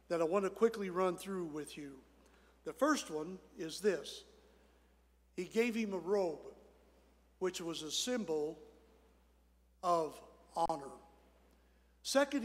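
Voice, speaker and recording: High-voiced pastor in a reverberant church. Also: male voice. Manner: folksy storyteller, soft hushed asides. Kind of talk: sermon with storytelling. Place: church sanctuary. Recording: church hall with long reverb.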